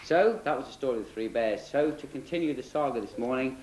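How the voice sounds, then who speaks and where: A man's voice: medium pitch, fast talker, over a noisy crowd. A man, presenting and telling a spoof children's story in a cheeky, giggly storybook tone. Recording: roomy echo.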